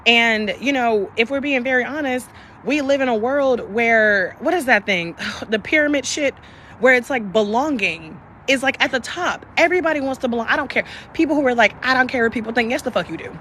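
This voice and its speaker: Candid, profane young woman with bright tone. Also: on the high side, brisk, a little hiss or hum. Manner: candid and profane, emphatic, shifts between passion and softness. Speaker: wellness coach hosting a live stream. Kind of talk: casual live-stream talk.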